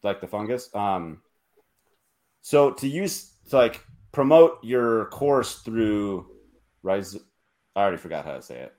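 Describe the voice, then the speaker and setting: Man, lowish voice, podcast host, talks haltingly, full of fillers. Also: expressive, a little mellow. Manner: hesitant, thinking aloud, lots of 'like'. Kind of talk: casual chat.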